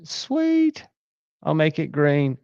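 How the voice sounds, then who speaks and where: A man with a smooth, mellow voice hosts a relaxed livestream, rambling along in an upbeat, enthusiastic way. The sound is dry and slightly muffled. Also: medium pitch, measured pace, no room sound. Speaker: livestream host. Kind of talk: casual chat.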